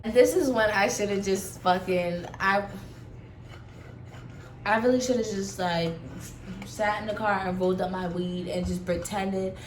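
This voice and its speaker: A young woman telling a story from her own life in a casual, chatty way, full of swearing and lively asides. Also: medium pitch, unhurried, long pauses. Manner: profane, animated, chatty storytelling. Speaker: vlogger telling a personal story. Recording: echoey room with faint background noise.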